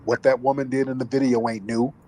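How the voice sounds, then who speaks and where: A man's voice: mid-range voice, flat delivery, fast, mellow, low-quality recording. A man hosting a commentary talk show, talking emphatically and profanely like a preacher. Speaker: host.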